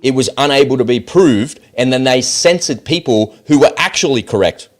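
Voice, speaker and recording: A man's voice: medium pitch, expressive, normal speed. A man with an Australian accent giving blunt, sarcastic, profane commentary on a video clip. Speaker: political commentator.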